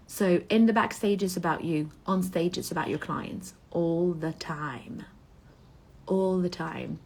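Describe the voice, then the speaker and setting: A woman's voice: fairly low pitch, a little mellow, a little hiss or hum. A woman business coach giving a motivational talk, asking rhetorical questions and checking in with a frequent "okay?".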